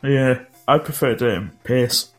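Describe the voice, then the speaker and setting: A man's voice: mid-range voice, takes it slowly, faint music behind. A man co-hosting a casual podcast, making dry asides with small chuckles. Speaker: podcast co-host. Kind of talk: casual chat.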